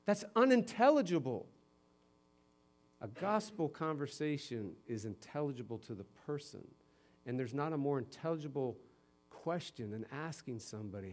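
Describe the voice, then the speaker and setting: A man from Connecticut preaching a sermon as pastor, conversational and lively, moving between quiet and emphatic stretches. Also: mid-range voice, moderate pace. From Connecticut, USA.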